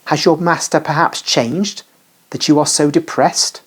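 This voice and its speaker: A reader voicing a calm, gentle male spiritual master who consoles a grieving woman, in a slow reading. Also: mid-range voice, slightly rough, voice pushed up. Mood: consoling.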